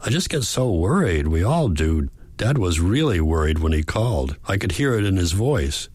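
A man's voice: sits low, sing-song, moderate pace, darkish tone, husky, no echo, exaggerated voice. A man voicing a young woman, a granddaughter, speaking earnestly and pleadingly to her grandfather. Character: young adult granddaughter, worried and caring.

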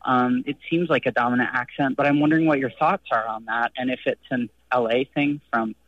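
A man's voice: medium pitch, fairly even intonation, fairly quick, dry recording. A man from Arizona calls into a radio show, feeling his way through a question with ums and trailing phrases. He comes through a dull, muffled line and sounds set back from the mic. The room around him is dry. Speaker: caller. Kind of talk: phone-in question. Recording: distant, dull phone-in line.

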